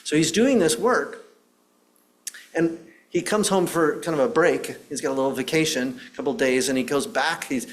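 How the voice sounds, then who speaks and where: A man preaching as a minister, telling a long story in an earnest, halting way with frequent restarts and pauses. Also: fairly high pitch. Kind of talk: sermon storytelling.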